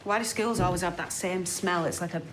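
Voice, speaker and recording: An actress playing a blunt, sardonic police sergeant in a TV drama. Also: female voice, on the low side, a little fast, a bit bright, slight background noise, natural voice. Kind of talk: TV drama acting.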